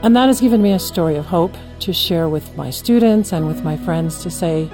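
Mellow woman telling a faith story. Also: lowish voice, moderate pace, soft background music. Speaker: teacher. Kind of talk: personal testimony.

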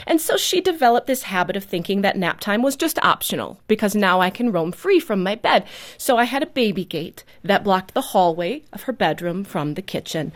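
A woman telling a story from her life as a mother in a radio interview, earnest and animated, laughing often. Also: mid-range voice.

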